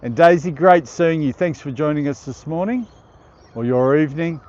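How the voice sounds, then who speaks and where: A man's voice: on the high side, lively intonation, moderate pace, darkish tone, dull audio. A middle-aged Australian man hosting a casual live stream outdoors, reading viewer comments aloud and laughing often. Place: outdoor park.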